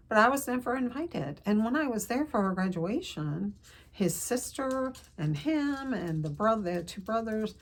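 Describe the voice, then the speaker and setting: An older woman telling a personal family story to camera, earnest and emotional, with pauses and restarts. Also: medium pitch. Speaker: counselor vlogger.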